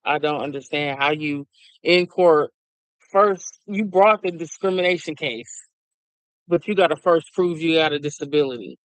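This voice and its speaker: A middle-aged man rambles through a loose, casual monologue and breaks into laughter often. His voice sits fairly high and sounds smooth, recorded dry and close. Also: moderate pace, a bit bright, no room sound, low-quality recording. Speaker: vlogger.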